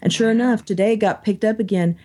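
A woman co-hosting a casual discussion podcast, chatty and lively when she quotes other people. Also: medium pitch, fast talker. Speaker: podcast co-host.

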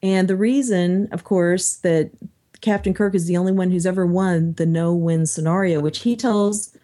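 A woman chatting on a podcast in a low, mellow voice. She talks at length and jumps into lively voices when she quotes people. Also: moderate pace. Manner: chatty, animated when quoting others. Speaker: podcast co-host. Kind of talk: casual discussion.

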